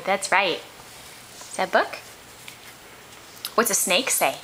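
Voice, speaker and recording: A woman's voice: medium pitch, measured pace, long pauses, noisy background. A woman talking to her toddler in a home video, asking coaxing sing-song questions. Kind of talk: home video baby talk.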